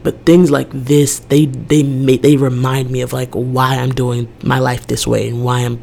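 A woman's voice: very deep voice, flat delivery, normal speed, vocal fry, dark tone. A young woman hosting a podcast, speaking in a casual personal monologue that is emotional and rambling, with a lot of "like". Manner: emotional, rambling, heavy use of "like". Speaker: podcast host.

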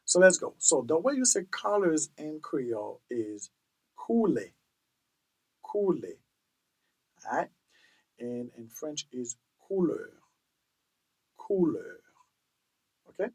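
A man's voice: on the high side, lively intonation, moderate pace, darkish tone, low-quality recording. A man hosting a casual language-lesson podcast, repeating each word several times and checking in with the listener. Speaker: podcast host teaching language.

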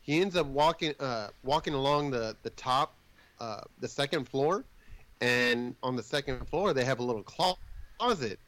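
A man's voice: mid-range voice, expressive, moderate pace, fairly bright tone, dry recording, poor audio. A man casually recapping a movie plot in a rambling way, swearing now and then and jumping in and out of the characters' voices.

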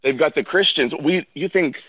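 A man's voice: a little high, normal speed, breathy edge, dry recording. Guy out of breath walking outside, pushy and argumentative, muffled lo-fi audio, dry. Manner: insistent, argumentative. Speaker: debate guest. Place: outdoors, walking.

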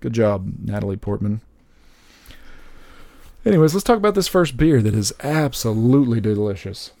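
Gravelly, joking man on a podcast. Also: mid-range voice, normal speed, dry recording, clean studio sound. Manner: animated, joking, laughs often. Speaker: podcast co-host. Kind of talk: casual chat.

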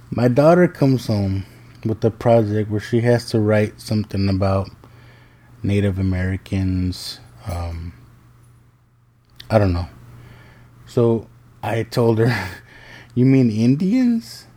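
Slow-talking, mellow-voiced male podcast host. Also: on the low side. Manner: chatty, joking storyteller. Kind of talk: casual monologue.

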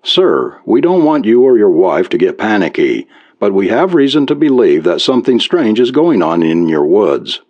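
A stern trooper sergeant, put on by a male reader, gruff and official, his pitch moving widely. The recording sounds dull and lo-fi. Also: sing-song, normal speed, hardly any pauses.

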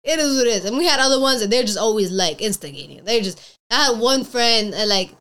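High, lively woman telling stories. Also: brisk. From Cuban family background. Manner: animated storyteller, acting out quotes, laughing often. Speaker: podcast guest. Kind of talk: casual chat.

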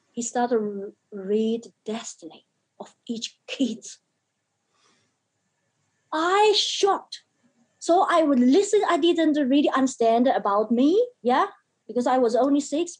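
A woman guest recounting her childhood in earnest, halting non-native English with many restarts. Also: fairly high pitch, a little mellow, breathy edge. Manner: acts out quoted voices from her childhood. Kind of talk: personal storytelling in an interview.

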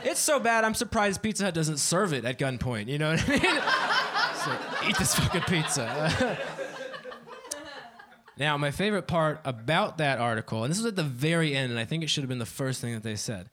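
A man's voice: fairly high pitch, sing-song, brisk, very noisy. A young man doing a stand-up comedy set on a club stage, swearing freely and laughing at his own jokes.

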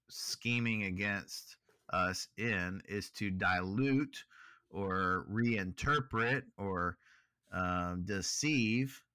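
A man with a lowish, bright and forceful voice co-hosts a podcast in easygoing, reflective chat about scripture. The sound is dry and close, with no room echo. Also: clean tone. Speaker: podcast co-host. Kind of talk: casual Bible study chat.

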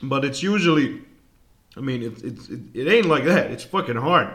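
A young man from Serbia hosting a podcast on his own, rambling through a story with swearing in nearly every sentence. His pitch swings widely from phrase to phrase, and his tone is bright and forceful. Some phrases come out in quick, tumbling bursts. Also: husky. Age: young adult. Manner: profane, rambling and animated. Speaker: podcast host. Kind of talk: casual storytelling monologue.

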